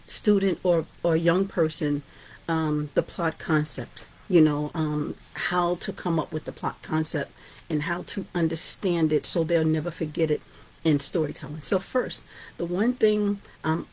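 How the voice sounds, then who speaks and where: A woman's voice: on the low side, darkish tone. A woman author and teacher giving an informal storytelling lesson, chatty and often asking "right?". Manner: chatty, asks "right?" and "guess what?".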